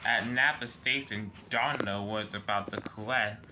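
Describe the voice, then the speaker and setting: Young male narrator, low voice, halting delivery, noisy home recording. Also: steady tone. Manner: halting, with slips and fillers. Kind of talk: amateur toy-train story narration.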